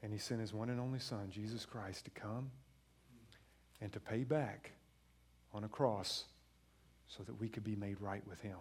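A man in his thirties preaching a sermon, moving from quiet, low passages to loud, emphatic ones and acting out family dialogue. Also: moderate pace, long pauses, husky. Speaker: pastor.

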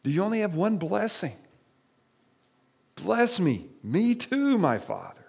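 A man's voice: sits high, very animated, unhurried, vocal fry, pitched above the performer's own voice, exaggerated voice. A man reading scripture aloud in a sermon and voicing a grieving adult son who pleads with his father, his voice breaking. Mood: pleading.

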